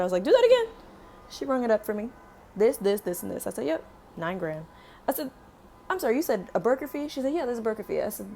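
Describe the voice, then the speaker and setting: Young woman spilling a storytime, gravelly edge, talks to the camera like a friend. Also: mid-range voice, slight background noise. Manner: animated storytelling, acts out both sides of dialogue. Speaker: beauty vlogger. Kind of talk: casual storytime while doing hair.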